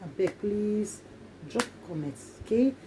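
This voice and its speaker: A woman's voice: medium pitch, lively intonation, a little slow, background noise. Emphatic Nigerian woman vlogging. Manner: emphatic and repetitive, in Pidgin English. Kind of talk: casual monologue to viewers.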